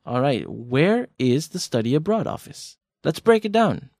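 A man co-hosting a podcast lesson, joking and teasing while explaining grammar slowly. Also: on the high side, big pitch swings, a little mellow, no echo, studio quality. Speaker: podcast co-host teaching Japanese. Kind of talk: casual language lesson banter.

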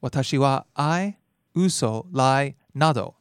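A man hosting a language lesson podcast, explaining grammar in a lively way, laughing often and acting out dialogue lines. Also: medium pitch, unhurried, smooth, dry recording, clean studio sound. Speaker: language teacher and host.

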